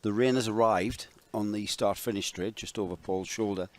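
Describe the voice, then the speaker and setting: A man leading live race commentary, steady and explanatory as he describes the action. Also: fairly low pitch, normal speed.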